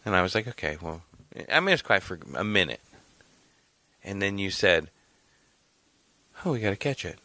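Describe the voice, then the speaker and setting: A man co-hosting a podcast, telling stories in a lively way and swearing freely. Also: low-pitched, normal speed, pauses often, dry recording. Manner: animated storyteller, swears freely, acts out voices. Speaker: podcast co-host. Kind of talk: casual chat.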